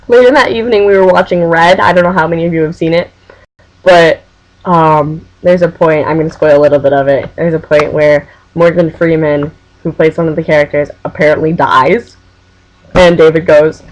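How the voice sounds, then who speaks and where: A young woman in her college years talks straight into her webcam, chatty and a little scattered as she recaps things for her team. Her voice sits on the lower side, and she drifts into giggles and restarts. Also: steady tone, a little fast, poor audio. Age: young adult. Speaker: Quidditch team captain. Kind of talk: casual webcam vlog.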